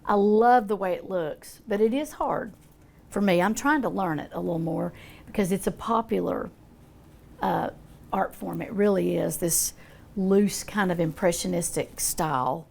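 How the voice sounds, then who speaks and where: A woman's voice: lowish voice, a little slow, creaky, darkish tone, a little hiss or hum. An older woman demonstrating a painting, talking in a chatty, folksy way as she thinks aloud. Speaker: art teacher.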